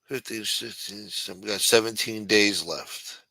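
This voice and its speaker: A man's voice: on the low side, steady tone, measured pace, gravelly, bright, forceful tone, no room sound. A man on a late-night live stream, rambling in a profane, self-mocking way. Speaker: show regular. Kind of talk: casual live-stream chat.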